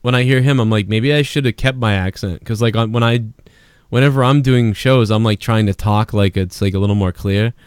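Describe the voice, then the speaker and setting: A man's voice: lowish voice, brisk, smooth, dry recording, clean studio sound. A man from Massachusetts hosting a podcast, chatting casually and rambling with lots of fillers and swearing. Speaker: podcast host.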